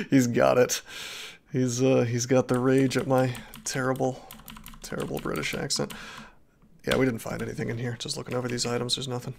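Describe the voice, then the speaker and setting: A man's voice: mid-range voice, level tone, brisk, gravelly. A man streaming a game live, chatting casually in a ranting, profane style with many restarts. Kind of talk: casual live-stream chat over gameplay. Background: faint keyboard clicks.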